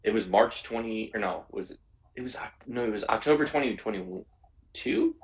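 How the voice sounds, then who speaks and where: A man's voice: on the low side, expressive, normal speed, poor audio. A man co-hosting a podcast, talking in a rambling, hesitant way with many fillers. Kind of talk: casual chat.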